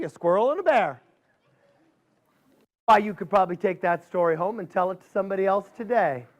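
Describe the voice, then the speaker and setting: A man storyteller telling a folksy tale to a live audience, dramatic and drawing out his pauses. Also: high-pitched.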